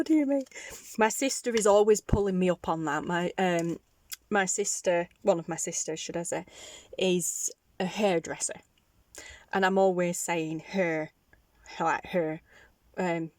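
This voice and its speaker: A woman's voice: on the low side, a little mellow, dry recording. A woman with a Northern English accent chatting casually to her viewers, rambling and giggly. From Northern England. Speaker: craft vlogger. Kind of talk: casual chat to camera.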